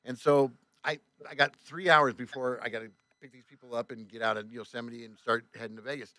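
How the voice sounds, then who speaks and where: Male podcaster, tour bus driver, casual storyteller, swears, acts out voices, bright and dry. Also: medium pitch, brisk, no echo. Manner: animated, swears often, acts out voices, many restarts.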